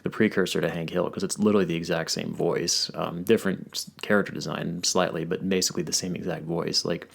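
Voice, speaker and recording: Low, gravelly man rambling casually. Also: little pitch movement, quick pace, few pauses. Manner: rambling, heavy on fillers and restarts. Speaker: podcast host. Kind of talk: casual chat.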